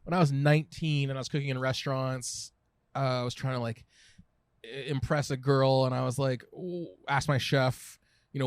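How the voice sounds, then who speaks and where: A man in his thirties, a food writer and podcast guest, talking casually with lots of restarts, fillers and quick laughs. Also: mid-range voice, steady tone, smooth, dry recording. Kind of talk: casual conversational chat.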